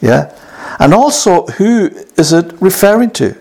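Man, bible teacher, gravelly voice, chatty sermon style, asks the audience questions. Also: sits high, very animated, a little slow, dark tone.

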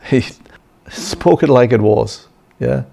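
Brief: male Bible teacher, mid-pitched, conversational sermon with "yeah?" asides. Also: slow pace, vocal fry, warm tone. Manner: checks in with frequent "yeah?" and "right?", chuckling.

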